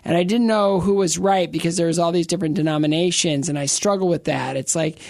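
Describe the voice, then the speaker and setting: A middle-aged man with a gravelly, creaky edge tells a personal story as an interview guest. He rambles and restarts his sentences, dropping joking asides along the way. The recording is dry and close. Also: on the high side, fairly even intonation, fast, darkish tone, no room sound. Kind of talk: casual interview, personal testimony.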